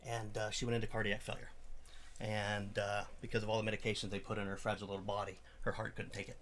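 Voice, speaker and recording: A middle-aged man who founded a charity, telling an emotional story in an interview, halting with frequent fillers and restarts. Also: lowish voice, little pitch movement, fairly bright tone, a little hiss or hum.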